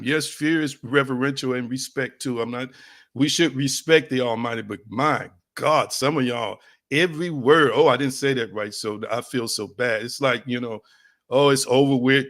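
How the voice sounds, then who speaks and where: A man's voice: mid-range voice, moderate pace, a bit bright. A man preaching a sermon in a conversational, emphatic way, repeating phrases and calling on his listeners directly. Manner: conversational, addresses audience as y'all.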